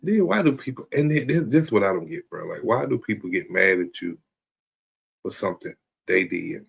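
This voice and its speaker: A man's voice: lowish voice, big pitch swings, fairly quick, gravelly, husky. A man talking in a loose, rambling comedic monologue as a stream host, often checking in with "you know what I'm saying". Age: adult.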